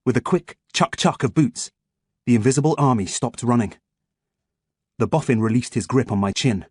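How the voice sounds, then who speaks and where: Brief: male audiobook narrator, husky, dry close sound, measured delivery. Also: mid-range voice, a little mellow, no room sound.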